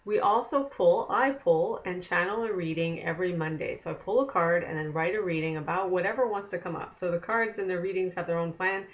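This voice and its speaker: Lower-voiced chatty woman card reader. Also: brisk, few pauses. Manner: chatty, conversational. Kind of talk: casual chat to camera. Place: home room with a desk. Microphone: camera mic.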